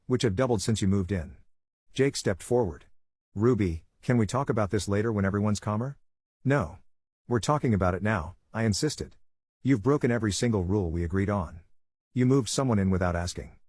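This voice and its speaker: Male narrator, low husky voice, dry close mic, even story read. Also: dry recording.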